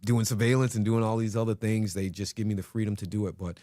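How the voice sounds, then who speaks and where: A police detective speaks as a guest in a studio chat, explaining his work plainly with frequent "you know"s. His voice sits a little low. The recording is dry and close. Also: quick pace, no echo. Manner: relaxed, explanatory, many fillers like you know. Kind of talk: casual interview chat.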